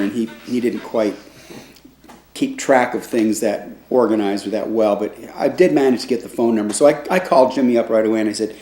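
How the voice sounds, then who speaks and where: A man's voice: lowish voice, fairly quick. Older man telling a story in an echoey room. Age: 60s. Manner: relaxed, rambling delivery with restarts, acting out other people's voices in quotes. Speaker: trombone player recounting his band's start. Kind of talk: casual spoken storytelling.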